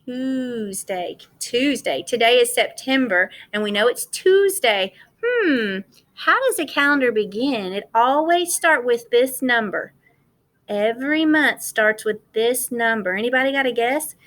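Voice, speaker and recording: This kindergarten teacher's voice sits a little high, with lively intonation, a measured pace and a fairly bright tone. Over a video call she runs the class morning meeting, coaxing the little ones in a cheerful, sing-song way.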